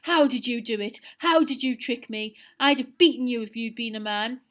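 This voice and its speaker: A woman reading aloud, voicing a desperate male villain who shouts threats. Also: on the high side, normal speed, natural voice. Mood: furious. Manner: howling, threatening.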